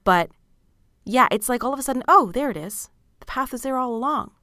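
A woman's voice: high-pitched, expressive, a little fast, pushed and bright, dry recording, studio quality. Tired, frank woman swearing casually. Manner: frank and chatty, swears freely, laughs often. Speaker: podcast host answering listener questions. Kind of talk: candid casual chat. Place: small padded studio room.

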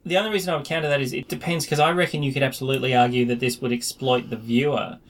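A man's voice: medium pitch, steady tone, rapid-fire. Chatty man talking films. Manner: chatty, laughs often, trails off mid-sentence. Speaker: podcast co-host. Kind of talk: casual film discussion.

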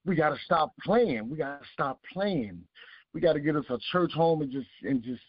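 A man's voice: fairly high pitch, lively intonation, moderate pace, husky. A man, giving earnest testimony with a preaching cadence, repeating his key phrases. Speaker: guest. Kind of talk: emotional testimony. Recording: dull lo-fi sound.

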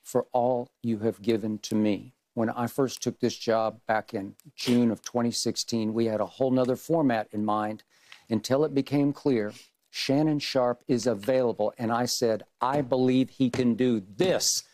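An older man, a sports debate show host, pays a measured, earnest tribute to his longtime partner. He speaks at a mid pitch and slips in wry little jabs between the warm words. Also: steady tone. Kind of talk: farewell tribute on air.

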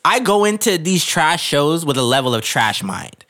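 A man's voice: a little high, big pitch swings, normal speed, bright, forceful tone. A man co-hosting a casual chat who animatedly retells a reality show, laughing through his lines and stretching out his disbelief. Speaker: podcast co-host.

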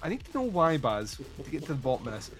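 A man's voice: fairly high pitch, very animated, fast, fairly bright tone, soft background music. A man hosting a podcast, chatting casually and animatedly, swearing and acting out movie scenes. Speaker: podcast host. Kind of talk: casual chat.

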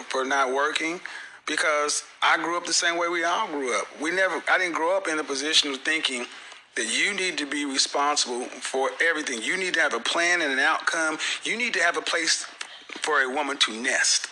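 A middle-aged man hosts a casual panel talk with an emphatic, fast-joking delivery. His voice is very bright and sits a little high for a man. There is a faint hiss of noise under it. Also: rough recording. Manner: emphatic, quick, joking one-liners. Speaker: podcast host.

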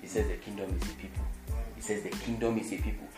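A man delivers a sermon with emphatic, repetitive declarations. His voice swings between loud proclamations and quiet, low lines. He sounds like he is in a reverberant room, with music playing clearly behind him. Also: steady tone, fast. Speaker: preacher.

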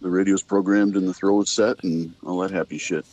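A man as a podcast guest chatting about his hobby in a laid-back, halting way, pausing with frequent fillers. His voice is quite deep. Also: steady tone, darkish tone, rough recording. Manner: laid-back, hesitant with many uhs. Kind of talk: casual chat.

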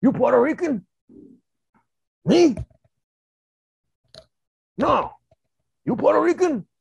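A man's voice: very high-pitched, sing-song, takes it slowly, creaky, dry recording, voice pushed up, full character voice. A man voicing a confused, primitive ape man who grunts out broken, short questions. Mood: puzzled.

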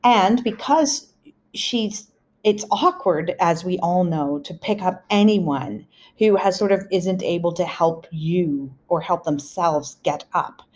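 Middle-aged woman, low-ish voice, podcast host, casual storytelling, chatty, laughing asides, uneven pace. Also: slow pace, a little mellow.

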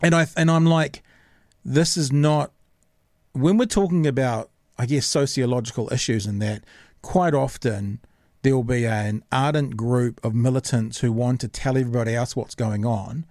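A man's voice: medium pitch, steady tone, normal speed, darkish tone, no room sound. Earnest man, dry close sound. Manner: earnest, opinionated, thinking aloud. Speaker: podcast host. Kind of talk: casual podcast chat.

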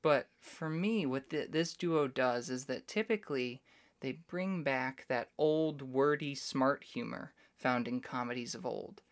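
A man's voice: medium pitch, measured pace. A man hosting a solo podcast, giving casual, opinionated commentary and explaining his views at length. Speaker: podcast host.

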